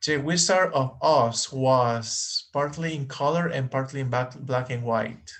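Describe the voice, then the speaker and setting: A man teaches an online English class at an unhurried pace, patiently repeating words so his students can follow. His voice sits at an everyday middle pitch with a fairly bright tone.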